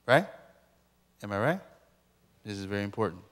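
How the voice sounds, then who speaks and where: A man's voice: on the low side, sing-song, normal speed, a bit bright, big-room sound. A man preaching a sermon as a pastor, emphatically questioning his listeners and repeating key points.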